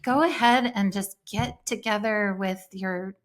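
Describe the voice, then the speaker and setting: A woman in her fifties talks through ideas on a parenting podcast in an easy, conversational way. She is thoughtful and slows her pace when she wants a point to land. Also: mid-range voice. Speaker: podcast co-host.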